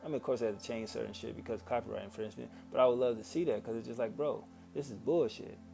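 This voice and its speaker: Faint music plays behind this vlogger, a man whose gravelly, medium-pitched voice moves at a quick clip. Exasperated and cursing, he rants about a film and reenacts his earlier reactions with lively self-quotes.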